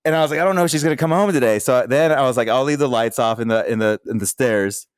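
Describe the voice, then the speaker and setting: A man's voice: mid-range voice, quick pace, clean tone, no room sound, clean studio sound. A man co-hosting a crude casual podcast, telling stories and acting out the lines of angry callers. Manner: animated storytelling, acts out callers' lines; frequent laughter. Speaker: podcast co-host.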